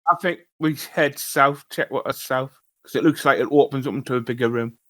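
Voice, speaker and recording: A man playing a tabletop game, calm and decisive, speaking over a video call. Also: medium pitch, brisk, no echo. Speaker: player.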